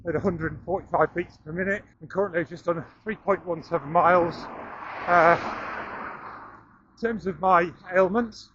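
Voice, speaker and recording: A man's voice: high voice, moderate pace, long pauses, fairly bright tone, highs cut off, slight background noise. A middle-aged man, slightly out of breath, giving a running commentary with dry self-deprecating humour as he jogs outdoors. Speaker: running vlogger. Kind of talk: running commentary while jogging. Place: outdoors, running through town and over a bridge. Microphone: action camera carried while running.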